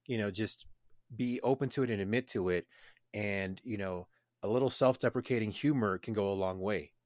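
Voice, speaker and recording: A man co-hosting a casual podcast, giving relaxed, straightforward dating advice. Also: fairly low pitch, moderate pace, no room sound, clean studio sound. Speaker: podcast co-host.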